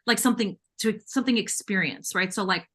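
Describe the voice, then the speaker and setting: A woman's voice: medium pitch, brisk. A woman co-hosting a casual live chat, telling stories with lots of quoted asides. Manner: animated storytelling with quoted asides. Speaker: co-host.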